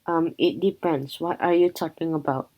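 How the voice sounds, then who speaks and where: A woman's voice: sits low, fairly even intonation, normal speed, dull audio, natural voice. A woman voicing an impulsive, scheming schoolboy who blurts things out eagerly in a storybook reading.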